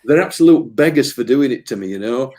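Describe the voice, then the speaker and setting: A man who is a medium gives an earnest, emotional interview in a casual spiritual talk, rambling and often repeating words. His mid-range voice is animated, a little fast, and a little mellow.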